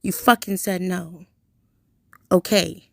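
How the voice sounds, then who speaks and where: A woman's voice: lowish voice, steady tone, takes it slowly, gravelly, a bit bright, no room sound. A woman in her late twenties, ranting straight at her listener in a heated, profane way. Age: late 20s. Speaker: vlogger. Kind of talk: angry direct-to-camera rant.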